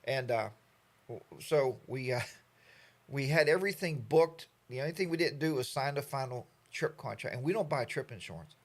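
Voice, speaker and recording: A man's voice: medium pitch, moderate pace. A man in his sixties hosting a casual live stream, rambling and joking as he greets viewers by name. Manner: rambling, jokey, animated storytelling.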